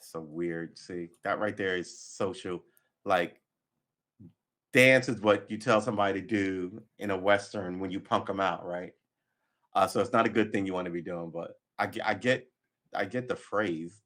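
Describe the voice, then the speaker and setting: Man, lowish voice, reads news aloud, stumbles, sarcastic comments. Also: moderate pace, fairly bright tone. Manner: stumbling, sarcastic asides, swearing. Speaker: livestream host.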